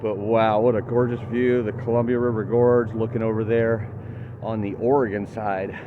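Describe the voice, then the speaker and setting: A man's voice: on the low side, level tone, normal speed, phone-quality sound, noisy background. A man narrating his hike in a casual, upbeat vlog, chatty and a little out of breath from the steep climb. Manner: chatty, upbeat, laughs at himself, many "uh" fillers. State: winded from climbing. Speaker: hiking vlogger. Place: outdoors on a steep forest trail.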